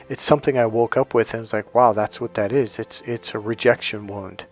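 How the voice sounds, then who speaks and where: A man coaching on dating, telling a long story in a casual, rambling way, acting out the dialogue and swearing when he gets worked up. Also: medium pitch. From United States.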